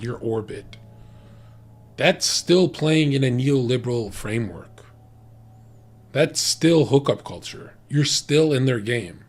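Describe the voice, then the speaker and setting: A man's voice: medium pitch, a little mellow. A man talking bluntly and profanely in a heated, ranting casual chat about dating. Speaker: podcast guest giving dating opinions.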